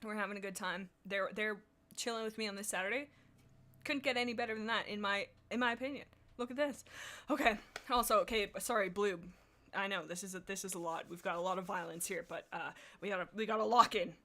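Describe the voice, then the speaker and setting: A woman's voice: mid-range voice, fairly quick, bright, forceful tone. A woman hosting a livestream, chatting casually and reading aloud with bubbly, rambling asides. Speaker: livestream host.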